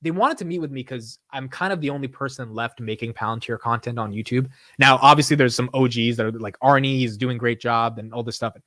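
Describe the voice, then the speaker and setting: A man's voice: mid-range voice, brisk, hardly any pauses, bright, forceful tone, no room sound, studio quality. A young man hosting a casual late-night livestream, chatting in laid-back slangy banter and laughing often. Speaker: livestream host.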